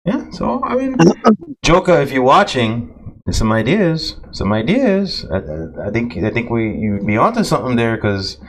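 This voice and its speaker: A man's voice: medium pitch, wildly swooping pitch, moderate pace, a bit bright. A man hosting a podcast in casual chat, laughing easily and repeating himself, speaking close to his mic. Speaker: podcast host.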